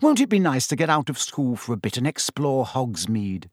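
A man reading aloud and voicing an eager, bookish schoolgirl who is brisk and insistent. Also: medium pitch, big pitch swings, dry recording, studio quality. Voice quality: brisk, clipped and earnest.

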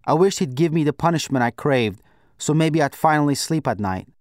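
A man narrating a novel in the first person, in a measured, reflective way. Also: on the high side, expressive, no echo, studio quality. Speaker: audiobook narrator. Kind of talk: scripted narration.

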